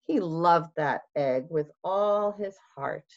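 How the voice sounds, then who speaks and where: A woman children's librarian reading a picture book aloud to young children, expressive and sing-song, with gasps and questions to the kids. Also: lowish voice, slow pace, highs cut off.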